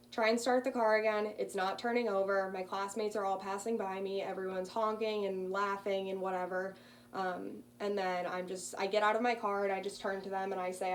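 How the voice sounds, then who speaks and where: A woman's voice: mid-range voice, flat delivery, moderate pace. A woman in her early twenties, a student casually telling a personal story with frequent ums. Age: early 20s. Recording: distant mic with faint hum.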